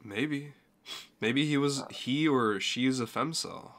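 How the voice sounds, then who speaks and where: A man hosts a loose, joking live stream and reads viewer comments aloud to his friends in the call. His pitch sits at an ordinary middle level. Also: takes it slowly, a bit bright. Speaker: streamer host. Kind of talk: casual stream chat.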